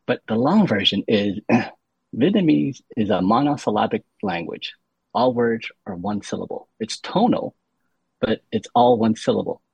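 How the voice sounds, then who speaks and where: A man's voice: lowish voice, expressive, unhurried, gravelly, darkish tone, slightly rough, no room sound. A man speaking as a guest on a podcast, explaining things patiently with many restarts, on a dull lo-fi recording. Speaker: podcast guest, university senior fellow. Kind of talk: casual interview talk.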